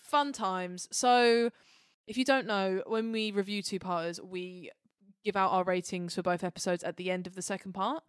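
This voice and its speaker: A woman's voice: medium pitch, steady tone, moderate pace, clean tone. A woman with a mid-range voice chats with bubbly enthusiasm on a podcast. The sound is close and dry, with no room echo. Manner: bubbly, enthusiastic, laughs often. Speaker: podcast co-host. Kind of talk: casual chat.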